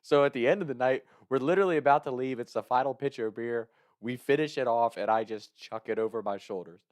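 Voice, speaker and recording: A man's voice: mid-range voice, fast, no echo. A young adult man hosting a podcast, telling a casual story and chuckling often. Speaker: podcast host.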